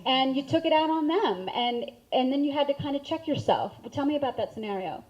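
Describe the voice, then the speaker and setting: A woman's voice: high-pitched, lively intonation, brisk, darkish tone, dull audio. A woman moderating a panel discussion, prompting a speaker with short follow-up questions.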